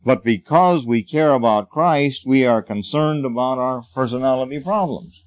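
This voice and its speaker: A man earnestly teaching about Christian life, speaking deliberately and with emphasis, often repeating himself. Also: mid-range voice. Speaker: Christian teacher answering a question. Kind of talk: unscripted spoken teaching. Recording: dull lo-fi recording.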